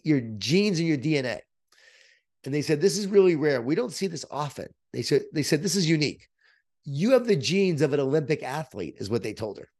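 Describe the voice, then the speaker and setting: A middle-aged man, an author being interviewed, telling stories in an energetic, emphatic motivational way. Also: on the high side. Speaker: author and guest. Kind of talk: interview, storytelling.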